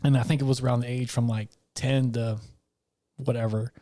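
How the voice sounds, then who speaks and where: A man's voice: medium pitch, flat delivery, brisk, dark tone. A man in his forties co-hosting a podcast, chatting casually with jokey asides, frequent laughs and rambling restarts. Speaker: podcast co-host. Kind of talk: casual chat.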